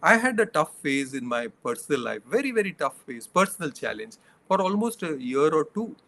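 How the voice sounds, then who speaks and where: A man's voice: fairly high pitch, big pitch swings, fairly quick, creaky, bright, forceful tone. A middle-aged man, a leadership coach, giving earnest interview answers that he builds from examples and numbered points.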